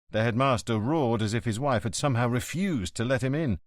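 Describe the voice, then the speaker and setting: A man reads an audiobook as scripted narration, telling the story in a measured, expressive way. His voice is on the low side, and the recording is dry with clean studio sound.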